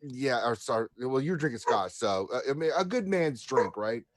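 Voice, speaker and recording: A man's voice: mid-range voice, animated, normal speed, no echo. American man, mid voice that rises and falls a lot, boisterous and swearing, dry close sound. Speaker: streamer co-host. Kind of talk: rowdy casual banter.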